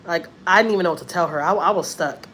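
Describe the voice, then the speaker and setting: A woman with a drawl talks in a fairly low voice, telling a personal story in a casual, earnest way. She loops back over her points and repeats phrases as she goes. Faint ambient noise sits under her voice. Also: fast talker, fairly bright tone. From Houston, Texas. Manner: chatty, earnest, repeats herself. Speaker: family vlogger.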